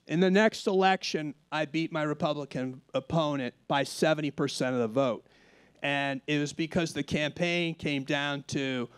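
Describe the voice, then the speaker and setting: A man's voice: a little high, smooth, no room sound. A man in his fifties telling a personal story as a guest on a conference panel, acting out quoted lines as he goes. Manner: anecdotal, with voiced quotes and restarts. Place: conference stage.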